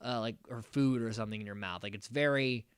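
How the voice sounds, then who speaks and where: A fast-talking American man with a mid-range voice and clean tone hosts a podcast where he breezily recaps a reality show. He plays out the cast's quotes with animation, drops swear words casually and uses frequent fillers. The sound is clean studio audio without echo.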